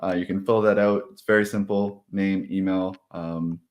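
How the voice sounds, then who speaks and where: A man from a podcast team giving a casual announcement, relaxed with many fillers. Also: low-pitched, moderate pace.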